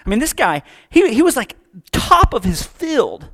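A man preaching a casual, joking sermon, acting out quick voices as he talks. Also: extremely high pitch, wildly swooping pitch, a bit bright. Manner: conversational, joking, acts out voices. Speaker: pastor.

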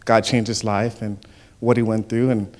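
Man giving a church testimony, lively, chuckling storyteller. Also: on the low side, moderate pace. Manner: animated storytelling with frequent chuckles. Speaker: church speaker. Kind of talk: spoken testimony.

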